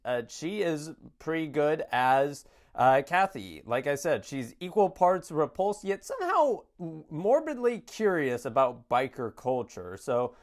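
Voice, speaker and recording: A man's voice: on the high side, big pitch swings, unhurried, few pauses. A man giving a casual spoken film review, rambling with many fillers and restarts. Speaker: movie reviewer.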